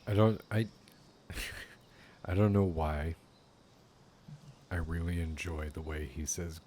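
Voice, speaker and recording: A man giving casual gaming commentary, rambling and swearing casually. His voice sits very low and he speaks slowly. Faint game sounds play behind him. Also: a little mellow, slight background noise. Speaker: gaming YouTuber.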